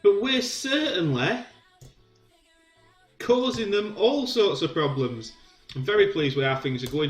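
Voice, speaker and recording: A man giving excited play-by-play commentary on a football video game, shouting when goals go in. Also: sits high, a little slow, long pauses, reverberant, soft background music. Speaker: gaming commentator.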